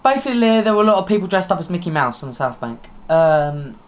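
A woman's voice: on the low side, big pitch swings, slight background noise. A young woman, co-hosting a casual podcast, bossy and teasing in her banter. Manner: bossy, teasing, quick to laugh. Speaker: podcast co-host.

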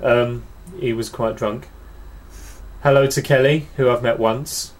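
A man's voice: mid-range voice, fairly even intonation, a little slow. Dry laid-back young man. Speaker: podcast co-host. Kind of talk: casual chat.

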